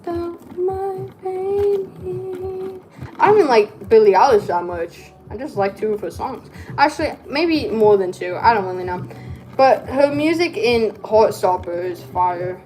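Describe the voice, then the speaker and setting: This crafting vlogger speaks at normal speed in an animated, medium-pitched voice with a darkish tone, soft music playing behind her. She chats and rambles, interrupting herself, and struggles with her R's because of a speech impediment.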